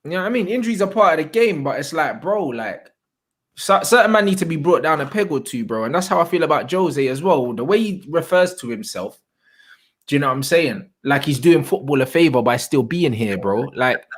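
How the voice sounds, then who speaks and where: A man's voice: fairly high pitch, big pitch swings, brisk, a bit bright. A young man, ranting casually about football on a live stream, full of slang and swearing. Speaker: streamer co-host.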